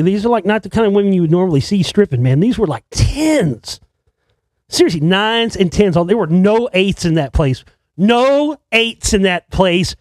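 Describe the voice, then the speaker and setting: A man's voice: high voice, no room sound. Profane rambling storyteller man. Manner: profane, rambling, with many restarts. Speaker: filmmaker telling a story. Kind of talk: casual storytelling.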